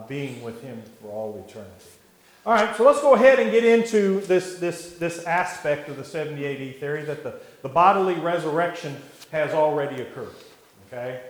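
A man teaching a church Bible class in a measured way, with many fillers and restarts, asking the class questions. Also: fairly high pitch, roomy sound, slight background noise, poor audio.

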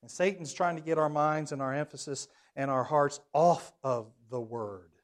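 A man teaching a Bible class, reading verses aloud with stress on key words and putting questions to the group, at times dropping very soft. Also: a little high, moderate pace. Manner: reads verses aloud with emphasis, then asks the class questions; level swings widely, dropping very soft at times. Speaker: preacher.

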